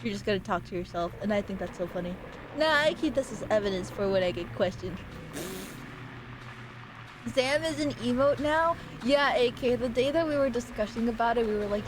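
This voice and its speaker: Woman streamer, fairly high voice, playful and rambling, teasing her chat, now and then a squeaky yell; clear hiss behind her. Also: animated, fairly quick. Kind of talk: casual gaming livestream chat.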